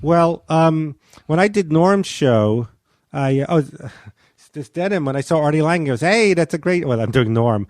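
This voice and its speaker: A man's voice: a little high, lively intonation, a little slow, a little mellow, dry recording, studio quality. A middle-aged man, a comedian guest, telling a rambling, hesitant story on a podcast with many restarts. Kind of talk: podcast conversation.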